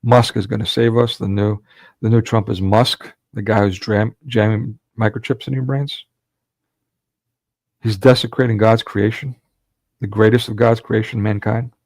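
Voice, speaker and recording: A man's voice: fairly low pitch, fairly even intonation, a little slow, darkish tone, no room sound. A man hosting a livestream watch party, preaching with fervent, rhetorical force. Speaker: livestream host.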